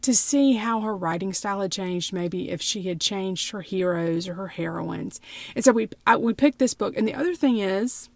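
A woman's voice: mid-range voice, moderate pace, gravelly, no room sound. A woman co-hosting a book podcast, chatty, laughing and tripping over her words. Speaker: podcast co-host. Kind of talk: casual book-club chat.

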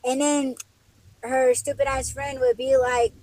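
A woman's voice: high voice, flat delivery, unhurried, a little mellow, dry recording, low-quality recording. A young woman, a podcast host, telling casual stories while driving deliveries, chatty and laughing often with lots of fillers. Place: in a car. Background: faint vehicle noise.

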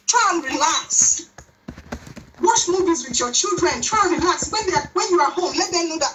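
Woman, sermon speaker, high voice, exhorting, repetitive, mic a bit far away. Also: animated, normal speed, fairly bright tone, slight background noise. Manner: repetitive, exhorting, many restarts. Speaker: church speaker. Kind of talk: sermon on parenting.

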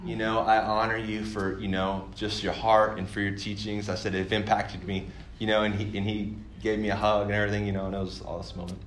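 Excited rambling man in an echoey church. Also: lowish voice, quick pace. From Michigan, USA. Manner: rambling, excited, full of fillers and restarts. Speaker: guest speaker at a church. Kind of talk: storytelling sermon. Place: church hall. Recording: echoey church hall, faint room noise.

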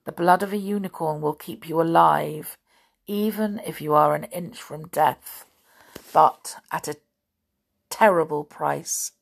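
A woman voicing a young, noble male centaur who speaks in a grave, measured way in a storybook reading. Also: deep voice, gravelly, full character voice.

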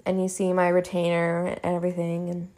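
A young woman casually telling a personal story at home, animated and chatty, with frequent "like" and casual swearing. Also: fairly low pitch, fairly quick. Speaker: vlogger. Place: home room.

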